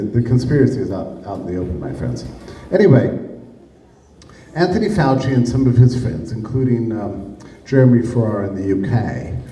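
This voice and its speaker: A man lectures to a live audience, his delivery emphatic and laced with sarcasm. His voice is dark and low, and it is picked up from some distance. The room around him is echoey. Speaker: speaker giving a talk. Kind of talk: public lecture. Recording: echoey room, heard from a distance, faint noise.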